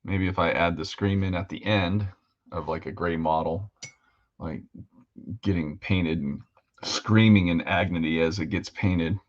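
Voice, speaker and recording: A man's voice: low-pitched, fairly even intonation, unhurried, dull audio. A man hosting a live hobby show, chatting casually and rambling as he paints models. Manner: rambling and easygoing, with fillers. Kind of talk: casual livestream chat while painting models.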